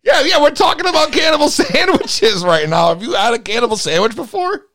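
A man's voice: very high voice, very animated, brisk, bright, forceful tone. A man hosting a call-in podcast in casual chat, laughing often and talking in slang with casual swearing. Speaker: podcast host taking calls.

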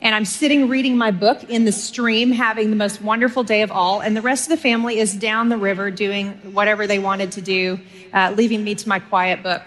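A woman's voice: mid-range voice, steady tone, fairly quick, a bit bright. A middle-aged woman from Texas, preaching a sermon and telling stories with humor while speaking directly to her audience.

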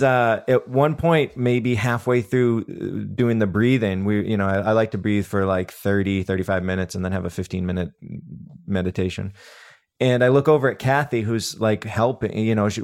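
A man's voice: on the low side, a little mellow. A man who teaches breathwork, telling a story in a casual podcast chat, full of restarts and fillers. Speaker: breathwork instructor.

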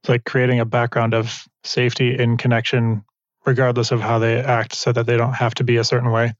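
A man interviewing in a reflective conversation, soft and affirming, asking probing follow-ups. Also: mid-range voice, monotone, a little fast, dry recording, highs cut off.

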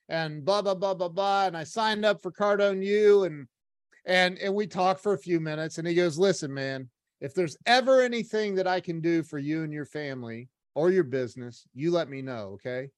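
A man telling a personal story in a casual, animated way, acting out the voices of the people in it. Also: sits high, normal speed, no room sound, clean studio sound. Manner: animated, acts out quoted voices, many restarts.

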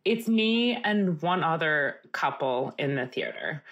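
A young woman talks casually as a podcast co-host, full of swearing. Her voice sits fairly low but leaps up high and lively when she mimics others. She tells the story in an animated, off-hand way. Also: takes it slowly, muffled recording. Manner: animated, profane, jumps up in pitch for quoted voices.

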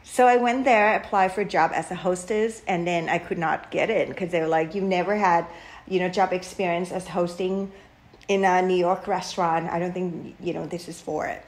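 A middle-aged woman from Thailand with a Thai accent, a chef telling her own story in an interview, animated, with frequent laughs and many fillers and restarts. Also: fairly low pitch, normal speed. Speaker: chef and restaurant owner, guest.

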